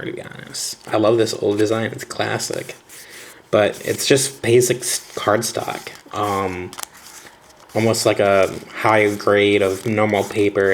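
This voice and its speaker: A man's voice: on the low side, creaky, a little hiss or hum. A man vlogging in a casual, rambling storytelling style while unboxing cards, chatty with lots of fillers and laughter. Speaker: vlogger and teacher.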